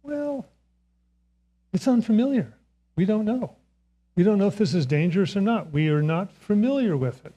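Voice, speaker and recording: A man's voice: sits high, lively intonation, moderate pace, long pauses, dark tone. An older man giving a Sunday sermon in a church, telling a self-mocking story and chuckling often. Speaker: speaker giving the Sunday message. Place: church sanctuary.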